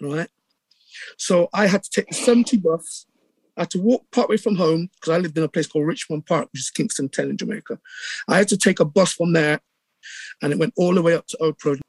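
A middle-aged man with a Bristol accent, telling stories in a casual interview with lively acted-out quotes and many restarts. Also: a little high, a little fast, creaky, slightly rough, no room sound. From England. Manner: animated storyteller, acts out quotes, many restarts. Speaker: radio DJ guest.

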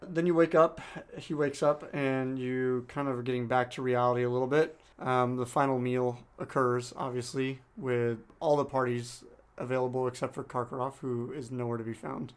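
A male podcast co-host loosely retells a book, full of fillers. His medium-pitched voice is steady, clear, and resonant, moving at a moderate pace.

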